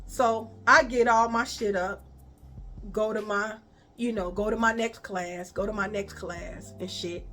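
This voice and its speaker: A woman with a Chicago accent telling a storytime vlog story, animated and profane, speaking to viewers as y'all. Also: mid-range voice, measured pace, faint music behind.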